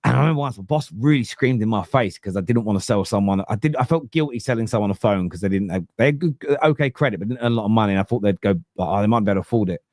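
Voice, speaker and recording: A man in his thirties from East London, with a London accent, telling animated stories and swearing freely on a casual football podcast. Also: fairly low pitch, racing, hardly any pauses, dry recording, studio quality. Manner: animated storyteller, swears freely, acts out quotes. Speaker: podcast host.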